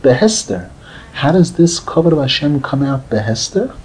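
Male rabbi, mellow tone, lively lecturer who acts out quotes. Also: moderate pace, a little hiss or hum, low-quality recording. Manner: animated, acts out quotes with rising pitch, drops to a murmur. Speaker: rabbi teaching a Torah class. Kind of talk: Torah lecture.

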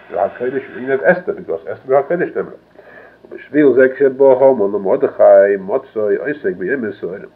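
Gravelly man teaching over a tinny line. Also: on the low side, slight background noise. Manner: reads a passage, then explains it phrase by phrase. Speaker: religious teacher. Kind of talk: traditional text lecture. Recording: narrow phone-like lo-fi sound.

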